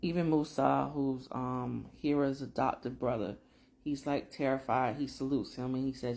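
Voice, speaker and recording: A woman giving a chatty, slangy recap of a TV episode, full of asides and quick storytelling. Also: very deep voice, steady tone, vocal fry, a little mellow. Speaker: drama recap vlogger.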